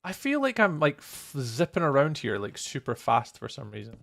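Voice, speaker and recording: A man's voice: mid-range voice, wildly swooping pitch, moderate pace, creaky, fairly bright tone. A Scottish man chatting casually with viewers on a live stream while he builds in a game, greeting people by name and laughing often. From Scotland.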